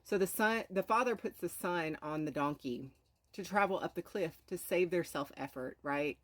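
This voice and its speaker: A woman's voice: lowish voice, moderate pace. A woman hosting a live stream, earnestly telling a moral story and sprinkling in rhetorical "right?"s. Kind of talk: inspirational storytelling talk.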